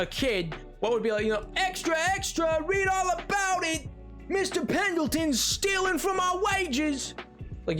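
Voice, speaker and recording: A young man streaming a game, chatting casually in a goofy, rambling way. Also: high voice. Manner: goofy, rambling, breaks into silly noises and sings along. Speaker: Minecraft streamer. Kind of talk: casual live-stream chat. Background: music playing.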